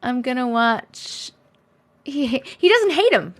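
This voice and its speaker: Casual live-stream host, woman, fairly high and very animated voice, friendly chatter with viewers. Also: slow. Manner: chatty, greets viewers by name, laughs often.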